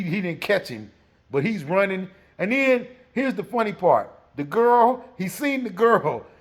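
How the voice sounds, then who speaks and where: A man casually telling a rambling story from his youth. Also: sits high. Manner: rambling, laughs through the telling.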